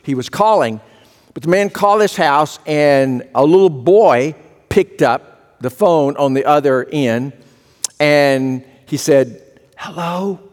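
A male pastor preaches in a folksy, storytelling manner and often restarts on a repeated word. His voice sits somewhat high for a man, and a long reverb trails it through the church hall. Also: slow pace. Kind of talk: sermon.

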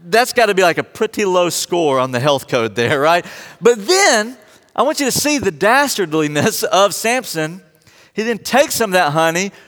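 High-voiced pastor in a reverberant hall. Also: male voice. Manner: storytelling, animated, acts out quotes in voices. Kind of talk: sermon. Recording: long reverb of a large hall.

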